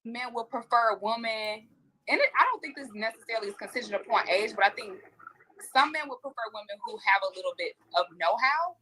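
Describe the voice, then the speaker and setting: A woman's voice: a little high, lively intonation, fast, sharp tone, slightly rough, rough recording. A woman on a discussion panel asking earnest questions. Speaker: panel guest.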